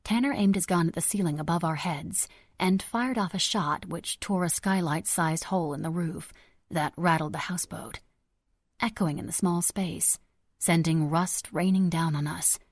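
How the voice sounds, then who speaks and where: A woman narrating an audiobook in the first person, her delivery tense and dramatic. Her voice sits low. The recording is dry and close. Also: moderate pace, no echo.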